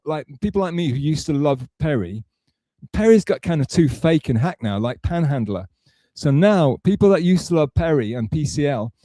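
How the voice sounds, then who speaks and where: A man's voice: on the high side, dark tone, no room sound, clean studio sound. Rambling man chatting on a livestream. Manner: rambling, profane, self-correcting. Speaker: livestream host. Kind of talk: casual rambling chat to viewers.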